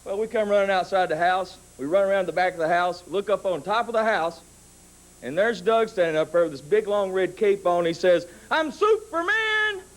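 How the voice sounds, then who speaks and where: A man in his thirties telling a story in a wrestling interview, building up to shouted threats. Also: high-pitched, a little fast, low-quality recording. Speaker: wrestler cutting a promo.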